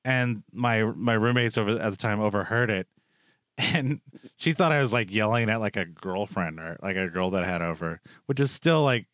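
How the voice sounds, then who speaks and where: A man's voice: fairly low pitch, normal speed, fairly bright tone, no room sound, clean studio sound. A young man hosting a casual chat, rambling and joking with lots of filler words. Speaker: podcast host.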